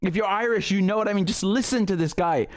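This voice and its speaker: A man's voice: high-pitched, fast. A man hosting a live stream, commenting on news footage in an indignant, emphatic way with frequent swearing. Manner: many fillers and restarts while ranting.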